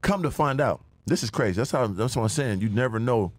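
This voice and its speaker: Man, podcast guest, rapid storytelling, very lively pitch, slangy and profane, dry close sound. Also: no echo. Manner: animated, acts out quoted dialogue in a raised voice. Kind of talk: casual storytelling.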